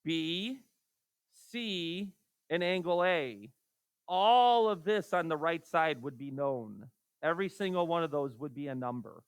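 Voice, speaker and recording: A man's voice: fairly high pitch, expressive, unhurried, clean tone, no room sound. A man teaching a recorded math lesson, firing rhetorical questions at students and making exasperated asides. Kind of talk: recorded classroom lecture.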